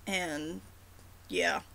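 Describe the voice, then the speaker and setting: A woman's voice: on the low side, bright, forceful tone, slight background noise, rough recording. A woman with a sore throat talking casually to her followers in a rambling, self-deprecating way. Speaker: roleplay blogger. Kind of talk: casual vlog talk.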